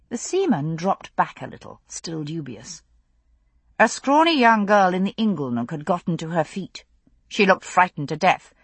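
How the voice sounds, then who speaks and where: A woman narrating a novel in an expressive storytelling way on a close studio mic. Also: lowish voice, slightly rough, no echo. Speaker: audiobook narrator.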